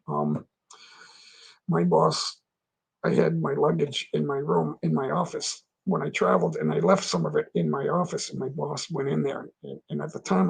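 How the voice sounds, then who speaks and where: A middle-aged man hosts a late-night livestream, rambling through stories and stopping to restart his sentences. His voice sits high for a man and is strongly gravelly, with a husky, rough edge. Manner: rambling, with frequent restarts and laughter. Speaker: livestream host. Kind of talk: casual chat reading out viewer comments.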